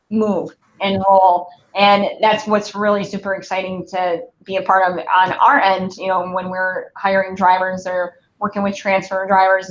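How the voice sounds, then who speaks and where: A woman's voice: medium pitch, highs cut off. A woman with a Midwestern accent, a recruiter answering viewer questions in a live Q&A, upbeat and chatty with lots of fillers. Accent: Midwestern American. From Wisconsin. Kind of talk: live Q&A stream.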